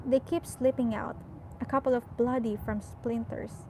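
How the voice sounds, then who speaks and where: A woman reading a novel aloud, with measured, softly expressive storytelling. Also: on the high side, slight background noise, low-quality recording. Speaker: audiobook reader.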